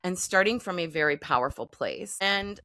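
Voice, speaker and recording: A woman guest who works as an acting and voice coach, explaining breathing in calm, instructive steps. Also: lowish voice, normal speed, no room sound. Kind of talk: conversational podcast interview.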